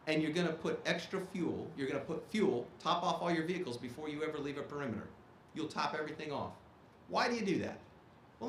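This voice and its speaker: An Army officer in his fifties addresses a ceremony as guest speaker in a performing arts auditorium, where the recording is echoey with a little hiss or hum. His voice is on the high side. He speaks in a plain, emphatic style, repeatedly asking the audience "okay?".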